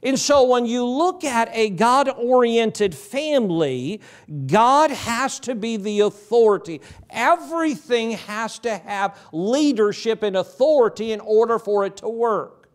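A middle-aged man delivers a sermon in a church sanctuary, his voice sitting high for a man. He preaches in a folksy, conversational way, tossing rhetorical questions to the congregation and answering them himself. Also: lively intonation, a little slow. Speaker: pastor.

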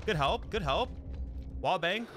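A man's voice: high-pitched, expressive, unhurried, noisy background. A young man streaming a shooter game, trash-talking and repeating catchphrases as he plays. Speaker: gaming streamer. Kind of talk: live gameplay commentary. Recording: loud gunfire from the game behind. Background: shooter game gunfire and explosions.

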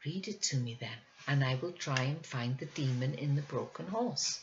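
A woman's voice: rumbling low, lively intonation, moderate pace, highs cut off, noisy background. A woman voicing a sickly but determined young girl who speaks earnestly. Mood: quiet. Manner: earnest, insistent.

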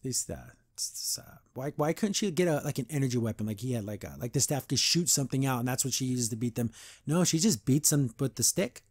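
A man's voice: medium pitch, animated, quick pace, slightly rough, dry recording. A man hosting a podcast, recapping a cartoon episode in a casual rant, exasperated and sarcastic, laughing often and mocking the characters in silly voices.

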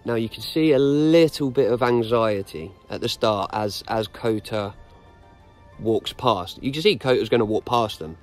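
A man's voice: lowish voice, normal speed, soft background music. A middle-aged British man, a dog trainer vlogging outdoors on a walk, blunt and lecturing in his casual advice. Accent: British English. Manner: blunt, lecturing, plain-spoken. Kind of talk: casual instructional monologue.

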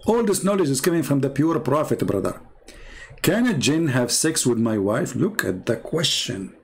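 A man giving mocking, incredulous commentary as a religious debater, retelling his debates with lively emphasis. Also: mid-range voice, moderate pace, vocal fry, slightly rough.

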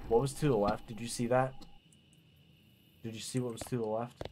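A man doing let's play commentary, swearing often and sounding exasperated and jokey, with loud game noise under him. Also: medium pitch, fairly even intonation, moderate pace, long pauses. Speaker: gaming video creator.

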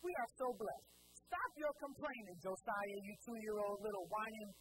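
A man's voice: sits high, normal speed. A man preaching a sermon in church, who asks the congregation questions, answers them himself, and acts out the people in his stories. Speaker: pastor. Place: church sanctuary. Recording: steady mains hum behind the voice.

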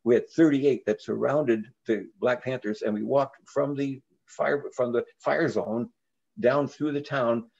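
An older man, a reverend, telling a story in an interview in an earnest way, with frequent halting restarts. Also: mid-range voice, steady tone, vocal fry, a little mellow, lo-fi sound.

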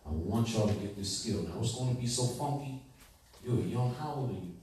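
A man's voice: mid-range voice, expressive, brisk, a little mellow. A man teaching a class in a conversational, repetitive way, at times easing into a soothing hypnotic cadence. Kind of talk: classroom lecture. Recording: echoey room from far off, faint noise.

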